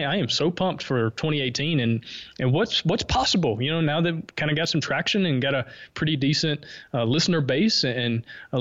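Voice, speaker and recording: A man with a Southern US accent talking casually as a guest, quick, animated and self-deprecating. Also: a little high. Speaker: podcast host being interviewed. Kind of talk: casual conversation. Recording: lo-fi remote call audio.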